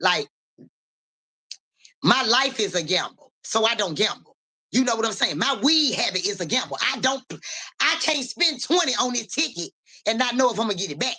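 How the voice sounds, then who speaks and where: A woman telling stories in a casual live stream, animated and profane. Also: normal speed, breathy edge. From Memphis area, USA. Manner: animated, profane, keeps saying "so boom".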